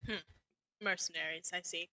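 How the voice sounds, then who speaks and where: A woman's voice: on the low side, fairly even intonation, moderate pace, sharp tone, dry recording, voice pushed down. Woman playing a wary tired bartender. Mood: guarded. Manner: guarded, curt.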